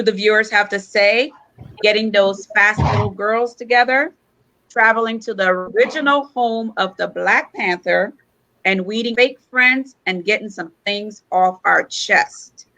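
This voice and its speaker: A woman's voice: mid-range voice, bright, forceful tone. A woman co-hosting a casual talk show, opening the episode with an upbeat rundown. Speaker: co-host.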